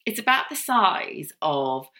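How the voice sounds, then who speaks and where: Chatty woman, bright lively voice. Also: medium pitch, slow. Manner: chatty, giggly, rambling. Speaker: podcast co-host. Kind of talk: casual chat.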